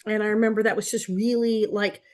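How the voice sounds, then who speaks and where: A woman in her sixties, a guest on a podcast, telling stories in a lively casual way and laughing often. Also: medium pitch, a little fast. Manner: animated storyteller, laughing often. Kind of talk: casual interview storytelling.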